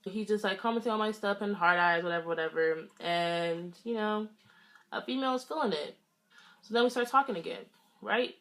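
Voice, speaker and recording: A woman's voice: mid-range voice, moderate pace, a bit bright. A young woman vlogger from the Los Angeles area, chatting casually through a storytime while getting ready, acting out quoted lines. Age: young adult. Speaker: beauty vlogger.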